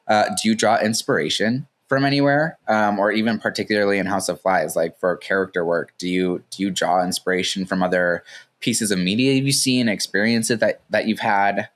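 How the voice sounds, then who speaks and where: Lowish-voiced guy hosting a podcast, asks long rambly questions, lots of yeahs. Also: normal speed, a bit bright. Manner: long, winding questions with friendly affirmations. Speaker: podcast host. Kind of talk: casual interview conversation.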